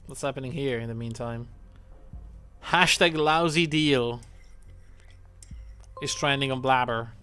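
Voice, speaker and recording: A man's voice: medium pitch, a little slow, pauses often, bright, forceful tone, soft background music. A man streaming a game, chatting casually, thinking aloud and swearing now and then. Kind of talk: casual gameplay commentary.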